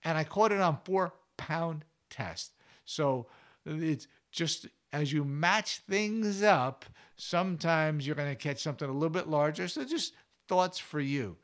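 A man's voice: fairly high pitch, lively intonation, unhurried, a bit bright. A man hosting a fishing show, giving casual advice in a chatty, folksy way with anecdotes. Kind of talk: casual instructional talk.

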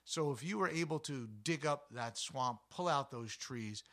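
A man hosting his own show, from New Jersey, telling outdoor stories in a casual, animated way with jokes and plenty of ums. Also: medium pitch, normal speed. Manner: animated, jokey, fillers and self-corrections. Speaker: show host. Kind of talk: casual storytelling monologue.

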